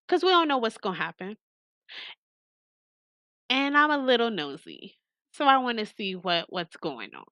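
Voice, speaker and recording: A woman's voice: medium pitch, bright, forceful tone, no room sound, studio quality. A woman streamer playing a visual novel, reading it aloud and giving playful, sassy asides to the characters. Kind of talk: casual game commentary and reading aloud.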